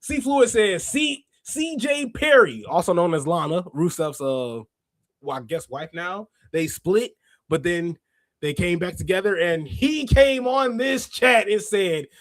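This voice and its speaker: Man, podcast host, high voice, casual slangy chat, excitable, dry close mic. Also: a little slow, dry recording. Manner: excitable, laughs often and breaks into shouts; slangy, talks straight to chat readers. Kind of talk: casual wrestling review chat.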